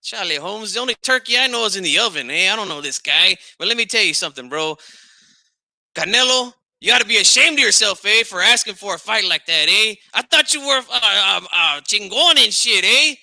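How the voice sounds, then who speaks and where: A man's voice: high voice, animated, a little fast, creaky, pushed and bright, dry recording, heavily acted. A man doing a comedic impression of a brash, combative older Chicano boxing dad, with a Chicano English accent, who ends nearly every line with "eh?" and "Holmes.". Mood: indignant. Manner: indignant, trash-talking.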